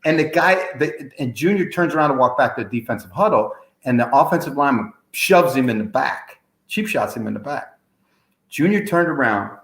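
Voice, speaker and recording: A man hosting a casual interview chat, telling stories with quick asides and lively energy. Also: medium pitch, roomy sound. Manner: animated storyteller, quick asides. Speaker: host.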